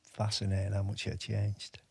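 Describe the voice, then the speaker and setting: A man in his fifties recalls his army days in a relaxed interview. He speaks in a low voice and often stops and restarts mid-sentence. The sound is close and dry. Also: creaky, slightly rough, dry recording. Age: 50s. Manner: halting, with many restarts and fillers. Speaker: podcast guest, army veteran. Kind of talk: casual interview storytelling.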